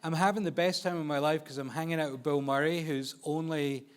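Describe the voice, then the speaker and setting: A photographer with a New York accent presents on an expo stage. He tells anecdotes in a slightly higher man's voice and acts out the voices in them. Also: fairly even intonation, a little fast, smooth. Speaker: photographer presenting a live shoot. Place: expo stage before an audience.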